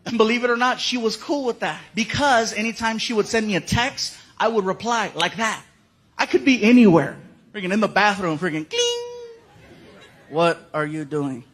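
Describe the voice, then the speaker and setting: A man doing a stand-up routine in an animated way, shouting his punchlines. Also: high voice, brisk. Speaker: stand-up comedian. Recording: noisy live club recording.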